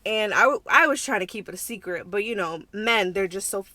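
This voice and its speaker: Lively giggly young woman. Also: medium pitch, brisk, no room sound. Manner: animated, giggly, acts out quotes. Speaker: vlog co-host. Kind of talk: storytelling chat.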